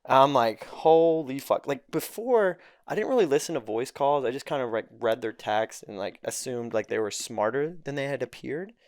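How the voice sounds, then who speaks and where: Seorang pria tamu podcast bercerita santai dan blak-blakan, sering mengumpat dan menirukan ucapan orang. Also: male voice, medium pitch, normal speed, hardly any pauses, no echo, studio quality. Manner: animated, profane, quotes others and himself. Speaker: podcast guest. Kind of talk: casual storytelling.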